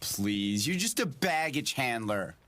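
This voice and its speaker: An actor playing a defiant, sarcastic teenage son in an animated sitcom. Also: male voice, mid-range voice, slow pace, a little hiss or hum. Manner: sarcastic, sneering comebacks.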